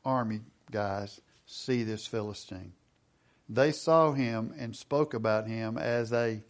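A middle-aged man preaching a sermon. He reads scripture aloud, asks the congregation questions and slows down for emphasis. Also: mid-range voice, a little mellow. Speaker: pastor.

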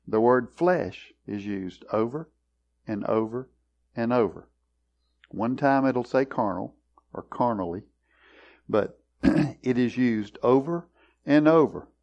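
A man leading a Bible study, explaining verses in a deliberate, explanatory way and clearing his throat often. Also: medium pitch, darkish tone. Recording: dull lo-fi recording.

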